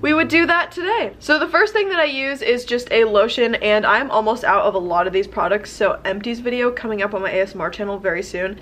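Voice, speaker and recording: A woman's voice: fairly high pitch, expressive, a little fast, hardly any pauses, a bit bright, slight background noise. A young woman with a nasal, stuffy voice from a cold, chatting casually and rambling through her makeup routine. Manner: chatty, rambling, self-deprecating. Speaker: beauty vlogger. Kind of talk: casual get-ready-with-me chat.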